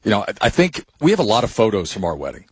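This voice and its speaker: Male co-host, quick and husky, animated storyteller. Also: fairly low pitch, no room sound. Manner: animated storyteller, lots of asides. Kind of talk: casual chat.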